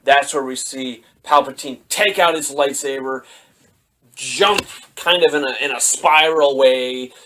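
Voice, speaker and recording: A man giving a casual film review vlog at middling pitch, loose and chatty. He rambles from point to point, leaning on fillers as he goes. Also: steady tone, measured pace, pushed and bright, slight background noise.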